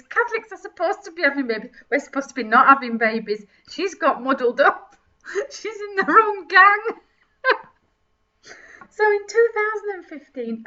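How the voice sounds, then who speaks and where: A woman's voice: sits high, bright, forceful tone. A woman giving mocking, giggly comedic commentary with theatrical asides. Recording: distant mic, dull lo-fi sound.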